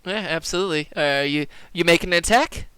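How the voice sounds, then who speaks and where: Man, game master, casual tabletop narration, bright voice, dry close sound. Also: fairly high pitch, fast, smooth, dry recording, rough recording. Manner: casual, laid-back, with filler ums.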